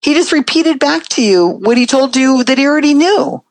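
A woman guest telling a story in a casual, animated way and acting out the people in it. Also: high-pitched, moderate pace, dry recording, rough recording. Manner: animated, acts out voices of people in her story. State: a little emotional.

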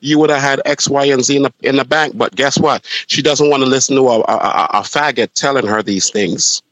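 A man's voice: mid-range voice, fairly quick, dry recording, rough recording. A man chatting casually, telling stories with lots of ums and restarts. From Jamaica. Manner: animated storyteller, many restarts and ums. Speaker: podcast co-host, drag performer. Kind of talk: casual chat.

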